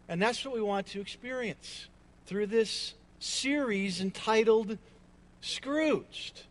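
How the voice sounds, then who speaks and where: A man's voice: high-pitched, fairly bright tone. A man giving a sermon as pastor, earnest and emphatic, leaning on repeated words.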